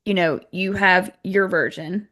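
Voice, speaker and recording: A woman in her thirties hosts a podcast, chatting casually with a guest in a hesitant way and repeating words. Her voice is lowish, steady, unhurried, and slightly bright.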